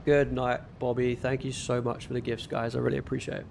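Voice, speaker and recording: A man's voice: mid-range voice, level tone, a little fast, vocal fry, a little mellow, a little hiss or hum. A man with a northern English accent, chatting casually with viewers while gaming on a livestream in a laid-back, rambling way. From northern England.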